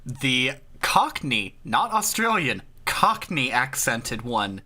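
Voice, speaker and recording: Lively bright-voiced joking co-host. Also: medium pitch, slow pace. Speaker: podcast co-host. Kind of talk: casual comedic chat.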